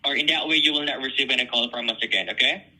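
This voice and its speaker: A man's voice: mid-range voice, racing, sharp tone. A man on a phone call as a debt collection caller, polite, patient and scripted.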